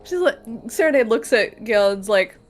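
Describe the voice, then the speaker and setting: Give me a lively, playful woman narrating her character. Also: a little high, moderate pace, soft background music. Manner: playful, animated storytelling. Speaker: player. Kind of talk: narrating her character's actions in a tabletop game.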